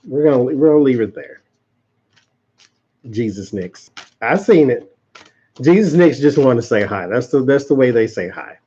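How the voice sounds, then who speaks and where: Casting: man, tarot channel host, chatty and easygoing, low mellow tone, dull lo-fi stream sound. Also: expressive, normal speed, long pauses, husky. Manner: chatty, laughs often, talks to viewers. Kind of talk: casual live-stream tarot reading.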